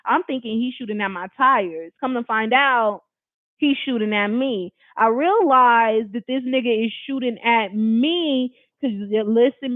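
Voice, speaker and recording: A person from Long Beach, California telling a personal story to camera in an animated, emphatic, slangy and profane way, talking straight to viewers. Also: medium pitch, unhurried, dry recording. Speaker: storyteller recounting a personal experience. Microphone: camera facing the speaker. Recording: dry, tinny phone-like sound.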